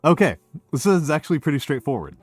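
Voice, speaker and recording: A man's voice: on the high side, big pitch swings, fast talker, husky, no echo, faint music behind. A man, chatting casually and sardonically on a stream, swearing freely and often laughing. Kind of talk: casual chat.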